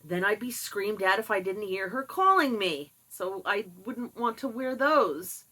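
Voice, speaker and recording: Candid older woman, bright forceful voice. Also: mid-range voice, a little slow, low-quality recording. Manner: candid, animated, some sighing and laughing asides. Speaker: vlogger sharing personal experience. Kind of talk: casual personal storytelling.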